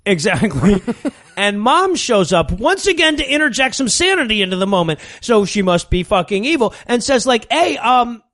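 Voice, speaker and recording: A man's voice: high-pitched, big pitch swings, moderate pace, fairly bright tone, no echo, studio quality. A man co-hosting a podcast, recapping a movie in casual, sarcastic, profane chat. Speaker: podcast co-host.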